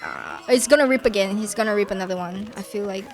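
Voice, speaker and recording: A woman's voice: medium pitch, quick pace, slight background noise. A woman streaming a co-op game, dramatic and joking as she talks to her chat. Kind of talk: casual gaming chat.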